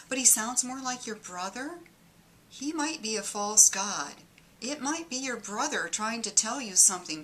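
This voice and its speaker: Slow, bright-voiced Detroit woman. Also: medium pitch, slight background noise. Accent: Midwestern, Detroit. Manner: dry, mock-earnest warnings. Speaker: comic monologist. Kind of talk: deadpan comedic monologue.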